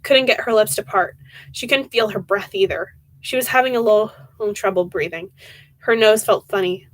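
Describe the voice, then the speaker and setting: A young woman reading a horror book aloud on a live stream, softly and with feeling, often stumbling and restarting words. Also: mid-range voice, no room sound, low-quality recording. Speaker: reader of horror books.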